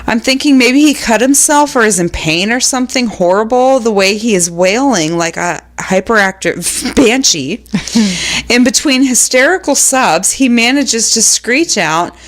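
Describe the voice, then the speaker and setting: Lively woman reading funny stories. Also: fairly high pitch, unhurried. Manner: laughs often, animated, acts out children's voices. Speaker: podcast co-host. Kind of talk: reading listener stories aloud, casual chat.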